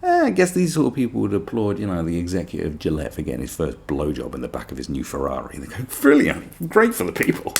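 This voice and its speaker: A man's voice: very deep voice, very animated, fast, gravelly, hardly any pauses, a little mellow, a little hiss or hum. A man hosting a podcast, delivering a sarcastic, profane political rant full of mockery. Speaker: podcast host. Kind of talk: ranting political monologue.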